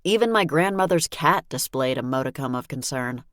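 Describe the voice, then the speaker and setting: Very low-voiced woman narrating dryly. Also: lively intonation, moderate pace, fairly bright tone, no echo, clean studio sound. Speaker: audiobook narrator. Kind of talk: first-person scripted narration.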